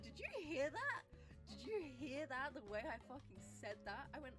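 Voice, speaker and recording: A woman's voice: sits high, expressive, unhurried. A woman in a casual vlog clip, giddy and given to squealing and laughing. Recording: loud music under the voice.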